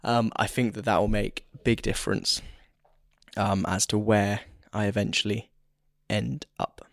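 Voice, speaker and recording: A man hosting a solo podcast, talking in a reflective, candid, rambling way while hoarse and losing his voice. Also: lowish voice, fairly even intonation, unhurried, no room sound, clean studio sound. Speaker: podcast host.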